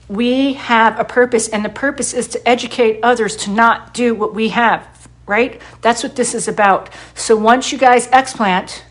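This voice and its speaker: A middle-aged woman who works as a hairdresser, giving a blunt, heavily profane monologue and stressing points by repeating them. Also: on the high side. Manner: blunt and heavily profane, quoting herself in dialogue; emphatic, repeats herself for stress. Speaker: hairdresser and wellness advocate. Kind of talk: impassioned personal monologue to camera.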